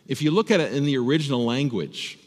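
A man preaches to his congregation in an earnest, plain-spoken way, doubling words as he begins each thought. His voice sits at a middle pitch for a man. The church's long reverb trails behind him. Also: fast talker. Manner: earnest, repeats words when starting phrases. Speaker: pastor. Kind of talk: sermon. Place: church sanctuary.

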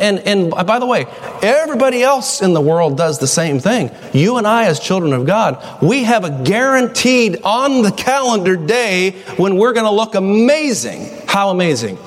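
A man's voice: high-pitched, long reverb tail. A middle-aged male pastor preaching a sermon in a conversational way, full of rhetorical questions.

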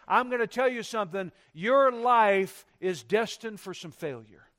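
A pastor preaching a sermon in a church, swinging between emphatic, loud lines and quiet, dropped-off ones. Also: male voice, high-pitched, animated, normal speed, few pauses.

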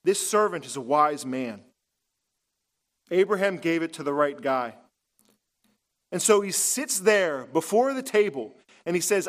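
High-voiced, emphatic male pastor preaching. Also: very animated, unhurried, pauses often. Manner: emphatic, rising and dropping for effect. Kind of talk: sermon.

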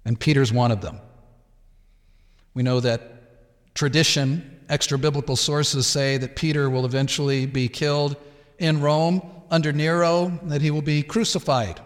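A man preaches with emphatic, expressive delivery, pressing his points and sometimes voicing the people in his text. His voice sits a little high for a man, and it rings with a long reverb like a church sanctuary. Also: a little slow. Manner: emphatic, acts out Peter's protests. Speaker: pastor. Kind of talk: sermon.

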